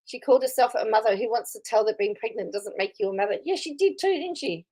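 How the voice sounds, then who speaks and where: A woman's voice: fairly high pitch, lively intonation, fast talker, a little mellow, rough recording. A woman hosting casual live commentary on a video, chatty, reading viewer comments aloud and laughing often. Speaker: commentary host reacting to a video.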